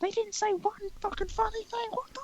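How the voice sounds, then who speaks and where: A man putting on a shrill, high voice as an exasperated man yelling at a laughing audience. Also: steady tone, brisk, a little hiss or hum. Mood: incredulous. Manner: shrill, incredulous.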